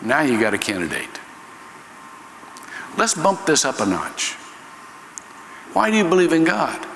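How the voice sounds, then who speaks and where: A man's voice: fairly high pitch, huge pitch swings, a little slow, gravelly, fairly bright tone, slight background noise. A man preaching a sermon in an emphatic, conversational way, often repeating words. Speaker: pastor. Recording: echoey hall reverb with faint ambience.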